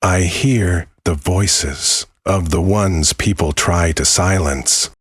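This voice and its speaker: Man voicing a hushed, otherworldly little girl in a storybook, low voice, husky, soft and sure of herself, with no room sound around it. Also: slow, no echo, studio quality, full character voice. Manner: quiet, soft-spoken and certain. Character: calm mysterious little girl who hears the dead.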